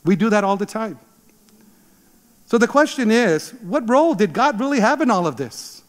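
A man in his sixties, a pastor, preaching an emphatic, animated sermon. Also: sits high, normal speed, long reverb tail. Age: 60s. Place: church sanctuary.

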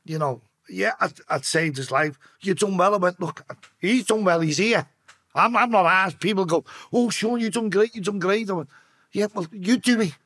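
Liverpool man, husky, higher voice, dry close sound, swears through a story. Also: moderate pace, bright, forceful tone. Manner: swearing, acting out voices in his tale. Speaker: podcast guest. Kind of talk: emotional storytelling.

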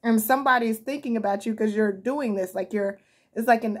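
A woman's voice: on the high side, moderate pace. A woman giving a casual, chatty tarot reading, thinking aloud as she turns cards, with easy laughs and the odd swear word. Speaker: tarot reader.

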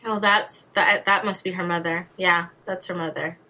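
Bright-voiced woman gushing over a video. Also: on the low side, fairly even intonation, normal speed. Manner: exclamatory, gushing reactions. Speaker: reaction channel host. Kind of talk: casual reaction commentary.

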